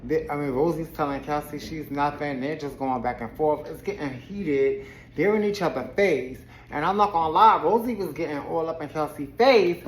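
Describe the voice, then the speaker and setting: A woman's voice: sits low, moderate pace, reverberant, slight background noise, rough recording. A woman giving a casual, sassy recap of a reality TV episode with her own commentary, laughing often as she tells it. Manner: sassy, expressive storyteller who laughs often.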